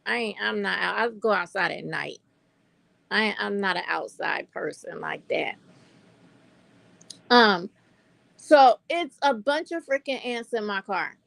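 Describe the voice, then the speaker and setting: Older North Carolina woman vlogger, raspy and gravelly, chatty storyteller talking to her viewers. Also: medium pitch, lively intonation, a little slow, long pauses, a bit bright, no room sound. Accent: North Carolina Southern American. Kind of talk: casual chat to camera.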